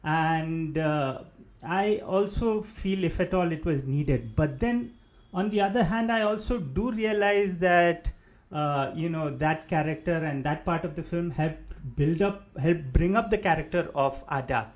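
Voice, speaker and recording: A man giving a casual spoken movie review, pausing often and restarting his sentences. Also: a little high, lo-fi sound. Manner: hesitant, many fillers and restarts. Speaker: film reviewer.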